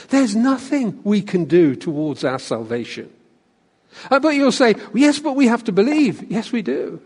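A man preaching a sermon who asks the congregation questions and drops to a hush on key phrases. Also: sits high, in a large hall.

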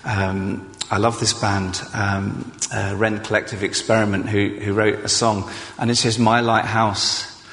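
A man's voice: fairly low pitch, flat delivery, measured pace, fairly bright tone. A man preaching an evening sermon in a chatty, self-deprecating way, with many fillers. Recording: long hall reverb.

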